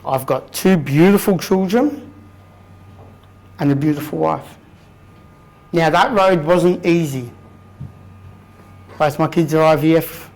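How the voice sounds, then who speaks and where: A man's voice: on the high side, slow pace, long pauses, darkish tone, rough recording. An Australian man in his thirties, telling his own story to a live audience in a blunt, candid way, swearing casually. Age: 30s. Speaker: guest speaker. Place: room full of people.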